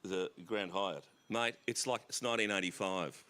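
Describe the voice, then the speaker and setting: A man's voice: sits low, normal speed, sharp tone. An Australian author telling rambling, self-deprecating stories on a festival stage, often laughing at his own jokes. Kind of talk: rambling anecdotal stage conversation. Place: festival stage before an audience.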